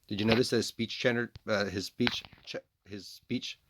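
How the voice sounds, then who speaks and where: A man's voice: lowish voice, steady tone, moderate pace, hardly any pauses, noisy background. A man talking to camera in a rambling monologue, firing off repeated rhetorical questions and stumbling through fillers and restarts. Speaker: video blogger.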